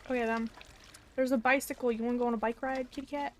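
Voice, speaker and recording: A young woman streaming a game, excitable and swearing freely, talking to the characters on screen. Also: a little high, fast, slight background noise, rough recording. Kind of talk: casual gameplay commentary. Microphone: desk mic.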